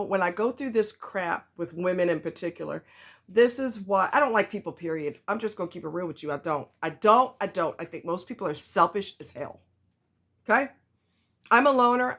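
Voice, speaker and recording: A vlogger with a medium-pitched, fairly bright voice rants to the camera at a brisk clip. She's blunt and emphatic, repeating herself to drive her points home.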